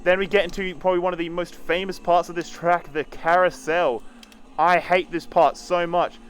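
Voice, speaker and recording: A man's voice: sits high, level tone, normal speed. A man streaming a racing game, casually talking through each corner as he drives and swearing now and then. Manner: casual, swears, talks while driving. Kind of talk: live sim-racing commentary.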